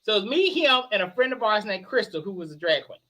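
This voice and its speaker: Guest spot: a chatty man, bright and forceful voice, lively storytelling, a bit tipsy. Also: high-pitched, fast. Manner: animated storyteller, laughs a lot, hoarse shouts when excited. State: a little tipsy. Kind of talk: casual chat.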